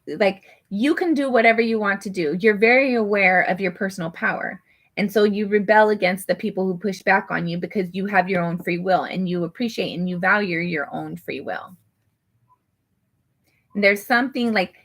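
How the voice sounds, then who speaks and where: Gravelly-voiced woman reading tarot. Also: mid-range voice, a bit bright. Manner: rambling, full of "like" and restarts. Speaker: tarot reader. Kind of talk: casual personal tarot reading. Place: her apartment.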